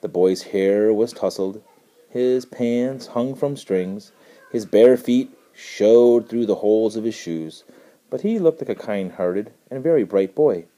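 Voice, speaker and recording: A man narrating a children's story with expressive, storytelling delivery. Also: lowish voice, unhurried. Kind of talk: storybook reading.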